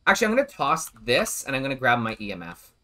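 A male game streamer whose voice swings up and down in lively bursts of excitement. He commentates live play, turning often to talk to his viewers at his desk mic. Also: mid-range voice, fast talker. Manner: animated, excitable, addresses viewers.

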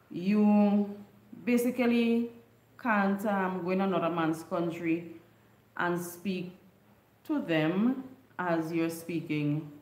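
A woman hosts a casual livestream, greeting viewers by name and laughing often. She talks at an easy, unhurried pace. Her voice rings in a roomy, echoey space. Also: mid-range voice. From Caribbean island. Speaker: livestream host.

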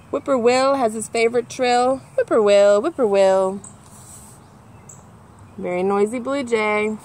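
A woman reading a children's picture book aloud as a nature center educator, animated and imitating bird calls as she points out the pictures. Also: fairly high pitch, slight background noise.

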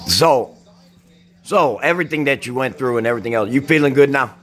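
A man's voice: medium pitch, a little fast, fairly bright tone. A middle-aged man, a father and host, chatting with his own father in a joking, teasing way. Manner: joking, teasing, mock-offended. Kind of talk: casual chat.

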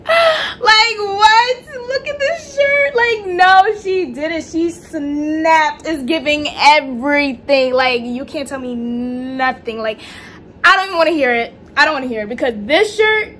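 A young woman talks through a casual home vlog in a high voice, excitable and gushing, full of slang. A faint hum of noise sits behind her. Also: moderate pace. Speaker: vlogger. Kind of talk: casual haul vlog chat. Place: home room at night.

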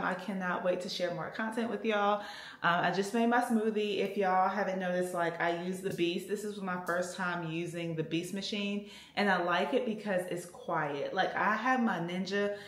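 A woman, chatting casually to viewers in a vlog with lots of fillers and "y'all". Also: on the low side. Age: 30s. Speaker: vlogger.

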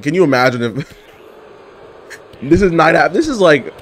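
A young man commentating his own wrestling game match with playful trash talk. His pitch swings widely as he jokes, hypes himself up and yells at the screen. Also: expressive, a little slow, slight background noise. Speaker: gaming YouTuber. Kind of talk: casual gameplay commentary.

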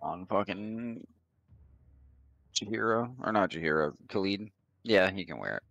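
A man's voice: low-pitched, unhurried, gravelly, a bit bright, dry recording. A man playing a game with a friend on stream, chatting bluntly and swearing a lot. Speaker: co-player friend. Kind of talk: casual gameplay chat.

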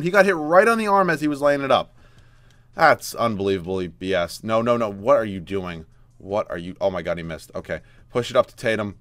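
A man commentating his own basketball video game from a dry home setup. His voice jumps from low mutters to loud outbursts as plays go wrong, and he swears and groans at the screen. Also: animated, a little fast, no room sound. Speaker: gaming YouTuber. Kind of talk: live gameplay commentary.

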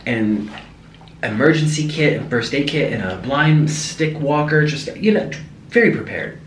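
A man vlogger chatting casually and telling a story with lively animation. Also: on the high side, a little slow, a little hiss or hum. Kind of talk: casual chat. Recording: echoey room, mic at a distance.

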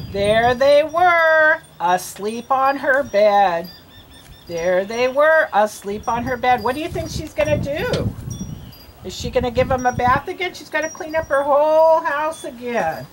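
A woman's voice: high voice, animated, a little slow. A woman reading teacher reading a storybook aloud to children, patient and encouraging. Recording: noisy home recording.

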